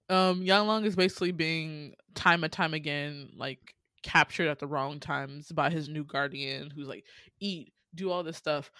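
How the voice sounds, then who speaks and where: A woman chatting casually as a podcast co-host, recapping a TV drama in a lively way and acting out the characters' lines. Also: sits low, no echo. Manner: animated, acts out character lines.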